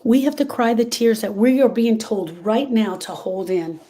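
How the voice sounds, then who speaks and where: A woman with a warm, mellow voice talks straight to her viewers in a heartfelt live stream. She is earnest and repeats her main points for emphasis, as a grief support host reaching out to people who are hurting. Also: fairly high pitch, lively intonation, moderate pace. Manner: earnest, repeats key phrases, speaks directly to the listener.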